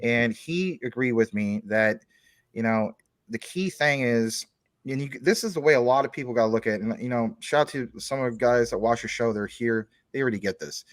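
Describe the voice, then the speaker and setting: A man's voice: mid-range voice, fairly quick, no echo. A man talking as a guest on a casual chat show, explaining things at length through long everyday analogies.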